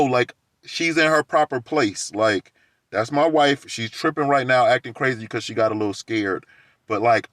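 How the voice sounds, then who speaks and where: A man's voice: mid-range voice, a bit bright, no echo. A man telling a rambling story in a casual monologue, laughing between lines and acting out the quoted exchanges.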